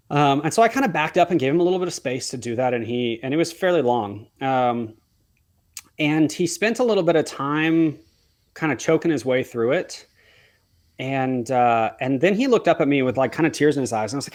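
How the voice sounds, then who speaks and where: A man's voice: medium pitch, animated, a little fast, darkish tone. A man, a wedding photographer, telling a heartfelt story as a podcast guest, earnestly acting out the dialogue he quotes.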